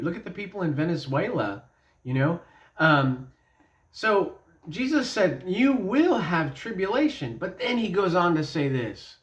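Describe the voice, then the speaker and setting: A man with a slightly high voice gives a casual devotional Bible talk, rambling into a personal story in a folksy, chatty manner. The sound is dull and lo-fi. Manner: folksy, conversational storytelling with fillers. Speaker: Bible teacher.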